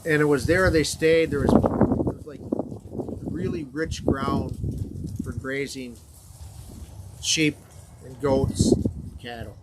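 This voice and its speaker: A man's voice: medium pitch, animated, vocal fry, very noisy. Man casually retelling a Bible story. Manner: conversational, halting, frequent fillers. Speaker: confirmation class teacher.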